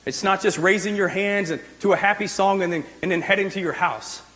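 A man's voice: high-pitched, steady tone, fairly quick, fairly bright tone, poor audio. A male pastor giving a sermon in a loose, conversational way, often saying "like" and restarting his sentences. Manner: conversational preaching with frequent "like" and restarts.

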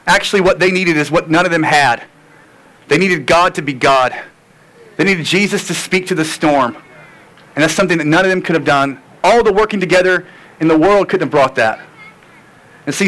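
A man's voice: sits high, fairly bright tone, rough recording. A man preaching a sermon, earnest and tired, repeating phrases for emphasis. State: tired and sore. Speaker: pastor.

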